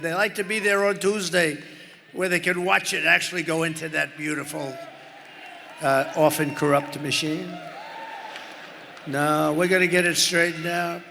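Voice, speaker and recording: This is a rally speech by a political candidate whose voice is slightly high, bright and gravelly, filling a large indoor arena. He boasts and wanders off topic, cutting away to speak directly to the crowd. There's long reverb, a bit of hiss or hum, a faint murmur from the audience, and cheering in the background.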